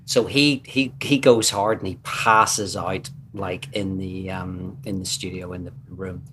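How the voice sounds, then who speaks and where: Northern Irish male guest, low voice, lively raconteur who acts out his anecdotes. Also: measured pace, music in the background. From Northern Ireland. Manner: animated storyteller who acts out quotes. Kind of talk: casual storytelling chat.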